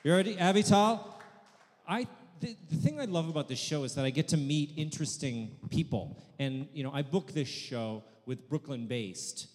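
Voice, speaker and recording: A man's voice: medium pitch, expressive, normal speed, few pauses, a little mellow. A man hosting a live storytelling show, introducing the next guest in a chatty way with stumbling restarts. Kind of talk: stage introduction. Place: live venue stage. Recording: long hall reverb.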